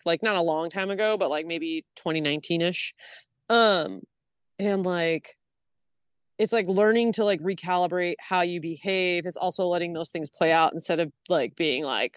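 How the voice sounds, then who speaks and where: A woman guest on a podcast telling stories in casual chat, animated and swearing freely. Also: fairly low pitch, moderate pace, smooth, no echo, clean studio sound.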